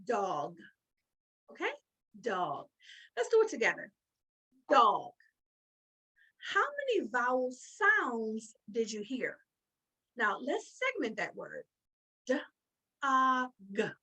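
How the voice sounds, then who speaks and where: A woman's voice: high voice, pushed and bright, slightly rough, poor audio. A woman teaching a children's phonics lesson, encouraging and drawing out words as she claps along. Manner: slow, sing-song and encouraging, drawing out words.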